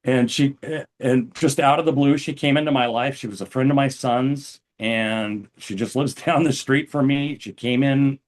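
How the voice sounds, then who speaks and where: An older American man, an interview guest, telling his personal story calmly, often stopping and restarting his sentences. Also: mid-range voice. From United States. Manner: calm, halting, with frequent restarts.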